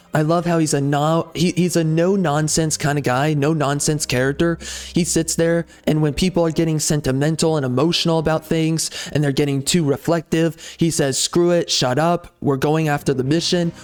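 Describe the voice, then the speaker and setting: A man's voice: a little high, darkish tone. A man hosting a gaming channel, giving opinionated commentary in a rambling, emphatic way with many fillers and restarts.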